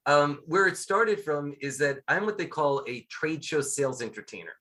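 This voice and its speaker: A middle-aged man who works as a scuba instructor and magician chats casually as an interview guest, telling lively stories and acting out the quotes within them. His voice is fairly high and his pace moderate.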